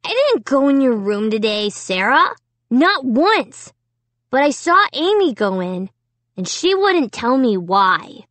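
A woman's voice: sits high, big pitch swings, slow, no echo, pitched above the performer's own voice, full character voice. A woman doing a sly innocent little boy. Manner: soft, innocent.

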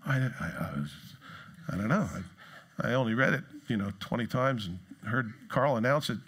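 A man preaching a sermon in a casual, joking way, acting out quoted excuses in higher, put-on voices. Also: fairly quick, a bit bright. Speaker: pastor. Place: church.

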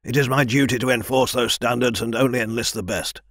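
A man's voice: medium pitch, fairly even intonation, a little fast, fairly bright tone, no echo, clean studio sound. A man voicing a stern, commanding military captain who demands discipline. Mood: formal.

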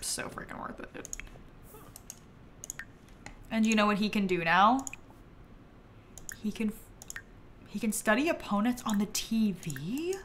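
A young woman streaming a life-simulation game, chatting excitably and talking to her characters. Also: medium pitch, unhurried, long pauses, slight background noise. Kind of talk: live game commentary.

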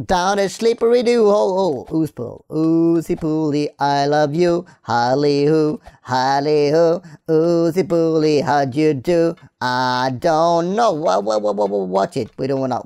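Playful woman with a gravelly voice. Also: medium pitch. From Sweden. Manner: playful, silly rhymes and sing-song wordplay. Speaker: gaming channel host. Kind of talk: Let's Play gameplay commentary.

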